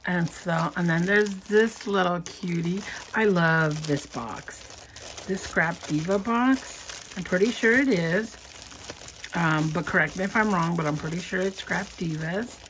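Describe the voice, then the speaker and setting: A woman with a slightly low voice talks slowly and lovingly as she unwraps craft goodies. She gushes, giggles and now and then drops to a whisper, over a faint background hiss. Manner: gushing, giggly, breaks into soft whispers. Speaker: craft vlogger opening happy mail. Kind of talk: casual unboxing chat.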